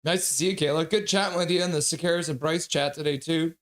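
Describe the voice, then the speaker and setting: Male stream host, casual and jokey, reads chat aloud, slightly high-pitched. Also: steady tone, fast. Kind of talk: casual live hockey watch-along chat.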